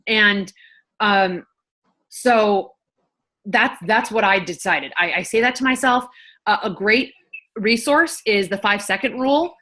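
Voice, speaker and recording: A woman in her thirties talks straight to her viewers in a bright, crisp voice at a middling pitch. She sounds like a nurse and coach sharing tips, chatty and frank, and she tosses in a curse word now and then. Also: measured pace. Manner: chatty, frank, swears casually. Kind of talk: casual talk to camera.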